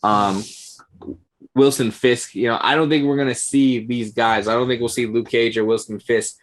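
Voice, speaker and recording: A man's voice: medium pitch, steady tone, normal speed. A man co-hosting a casual chat, speaking steadily and measuredly with lots of fillers. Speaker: podcast co-host.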